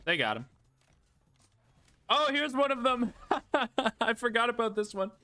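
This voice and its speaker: Excitable man commentating a game. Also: very high voice, unhurried, no room sound. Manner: excitable, laughs and yelps at the game. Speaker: gaming YouTuber. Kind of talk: casual gameplay commentary.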